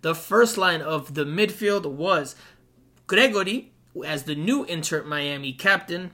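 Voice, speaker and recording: A man's voice: fairly high pitch, lively intonation, slow, bright, forceful tone. A man co-hosting a soccer podcast, chatting casually and jokingly, laughing now and then. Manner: upbeat, jokey, laughs often. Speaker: podcast co-host. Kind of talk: casual sports podcast chat.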